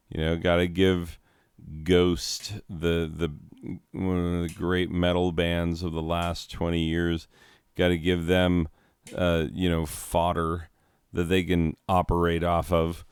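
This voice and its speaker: A man's voice: low-pitched, little pitch movement, takes it slowly, a little mellow, smooth, no room sound, clean studio sound. A man hosting a gaming video, rambling sarcastically and laughing as he plays. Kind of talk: casual commentary while playing.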